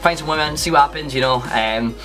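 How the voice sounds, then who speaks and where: A man's voice: fairly high pitch, fast talker, music in the background. A young Scottish man telling a casual, rambling story to camera as a YouTuber, with lots of fillers and restarts.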